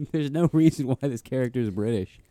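A man's voice: mid-range voice, brisk, mellow, no room sound. A young man co-hosting a podcast, chatting casually and profanely, rambling with lots of fillers and restarts. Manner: rambling, filler-heavy, frequent laughs. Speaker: podcast co-host.

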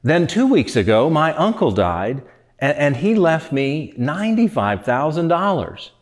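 A man playing a glum, sulky fellow from a spoken joke, who slides into a high, whiny complaint. He sounds put out by his own good luck. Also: big pitch swings, measured pace. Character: grown man, glum then whiny over inheritances.

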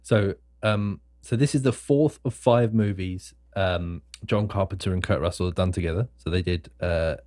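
A man's voice: low-pitched, moderate pace, few pauses, a little mellow, no echo, clean studio sound. A man co-hosting a film podcast, eagerly sharing nerdy film trivia in casual chat. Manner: enthusiastic, nerdy trivia telling. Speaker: podcast co-host.

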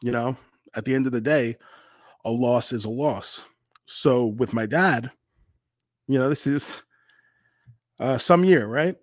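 A man co-hosting a podcast in casual chat, talking candidly and with a lot of swearing, often breaking into loud re-enacted quotes. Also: mid-range voice, measured pace, pauses often, no echo, studio quality. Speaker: podcast co-host.

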